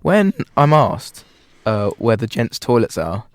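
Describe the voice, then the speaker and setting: A man co-hosts a comedy radio show, his talk loose and rambling as he jokes around. His pitch rises and falls a lot, and the sound is close and dry with no room echo. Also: sing-song, a little slow. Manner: playful, rambling, joking. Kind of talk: casual comedic student radio banter.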